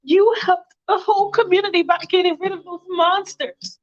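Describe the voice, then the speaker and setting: A woman voicing an eager, grateful churchgoing mother who talks fast. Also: very high voice, fairly even intonation, voice pushed up. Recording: dull lo-fi recording.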